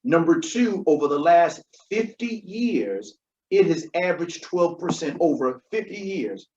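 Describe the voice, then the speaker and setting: A man co-hosting a podcast, his voice on the higher side for a man. He explains money matters emphatically, repeating key points and checking in with the listener. The recording sounds dull and lo-fi. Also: very animated, measured pace, darkish tone. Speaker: podcast co-host. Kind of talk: conversational financial advice.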